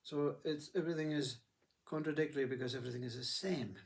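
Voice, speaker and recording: A man's voice: on the high side, fast, far from the mic. A man giving a reflective spiritual talk who acts out inner voices as he speaks. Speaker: spiritual teacher.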